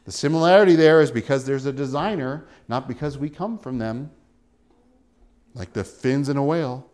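A man preaching a sermon, animated, with wide swings in pitch and volume and frequent chuckles. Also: normal speed. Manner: chuckles often while preaching.

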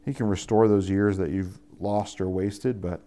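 A man's voice: sits low, fairly even intonation, moderate pace, mellow. A young adult man preaching a conversational sermon as pastor, often rising into emphatic appeals.

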